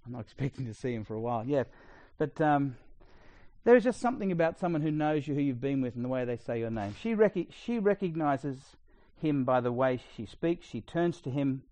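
A man's voice: mid-range voice, expressive, fairly quick, darkish tone, no room sound. Chatty Australian man preaching a sermon. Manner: conversational storytelling with asides.

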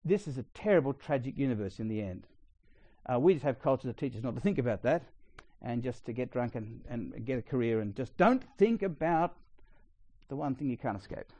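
A middle-aged Australian man preaching a sermon in a chatty, storytelling way with quick asides. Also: mid-range voice, animated, warm tone, dry recording.

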